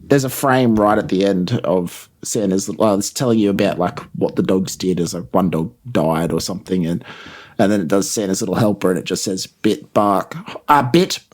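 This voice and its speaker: An easygoing man co-hosting a casual chat podcast, who hedges his views and laughs often. His voice sits a little on the low side. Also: fairly quick, darkish tone. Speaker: podcast co-host.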